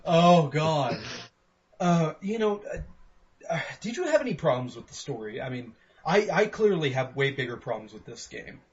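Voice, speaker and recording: A man co-hosting a podcast game review, ranting profanely and excitedly while acting out quotes. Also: on the high side, moderate pace. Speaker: podcast co-host. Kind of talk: casual game review chat. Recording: dull lo-fi sound with faint noise.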